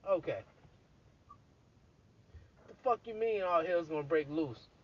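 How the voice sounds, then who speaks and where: Play a somewhat high-voiced, husky man telling a story with blunt, crude, animated energy. The recording is dull and lo-fi, as if captured on a modest setup. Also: slow pace. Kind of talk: casual profane storytelling.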